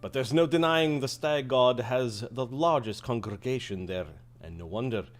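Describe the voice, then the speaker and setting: A man voicing a courteous, dignified male high priest, speaking formally and with measured calm. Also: faint music behind, lightly acted.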